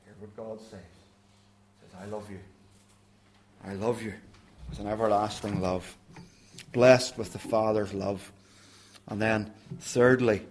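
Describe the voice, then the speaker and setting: A man preaching a sermon in a church, earnest and direct, dropping softer when he speaks God's words to the listeners. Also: fairly low pitch, a little hiss or hum. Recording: roomy church echo.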